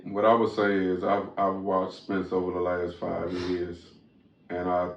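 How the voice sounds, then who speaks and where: A man's voice: sits low, completely flat delivery, measured pace. A man hosting a podcast in loose casual chat, talking with frequent fillers and restarts. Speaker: podcast host. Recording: roomy, distant, dull sound.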